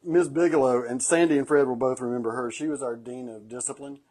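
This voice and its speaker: Middle-aged man, co-host, casual chat, laughs a lot, mid-pitched voice, acts out the voices in his stories. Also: fairly even intonation, quick pace, a crowd in the background. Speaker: co-host of a cocktail livestream.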